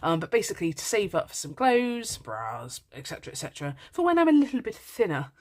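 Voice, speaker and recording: A woman's voice: medium pitch, huge pitch swings, fast talker, a little mellow. A woman chatting in a casual budgeting vlog, bubbly and apologetic, with lots of ums. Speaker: budgeting vlogger.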